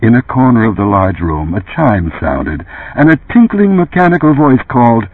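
A man narrates an audiobook with a lively, swinging pitch and a slightly husky voice. The recording is dry and close, with a tinny, phone-like narrowness. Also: moderate pace, dry recording. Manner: expressive, varied delivery.

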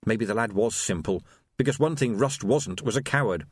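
A man narrating an audiobook in an expressive, wry storytelling voice. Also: fairly low pitch, normal speed, husky, no echo. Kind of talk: scripted narration.

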